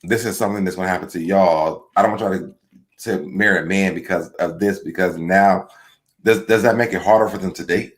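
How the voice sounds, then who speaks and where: Low-voiced man hosting a casual recap chat. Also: steady tone, fairly quick. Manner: talks through ideas out loud, repeating himself and adding "like" often. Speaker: host.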